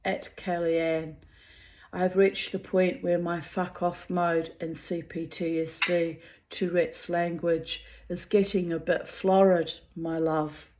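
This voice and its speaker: A woman's voice: on the low side, flat delivery, slow pace, darkish tone. A woman with a New Zealand accent, reading out messages and adding blunt, bitter, profane commentary. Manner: bitter, blunt, swears freely. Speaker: pet owner recounting a dispute.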